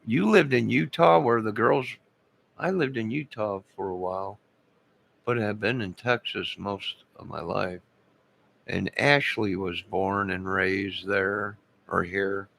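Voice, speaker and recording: A man's voice: fairly low pitch, vocal fry, fairly bright tone. A man in his fifties chatting live with viewers, rambling and losing his train of thought. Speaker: live streamer.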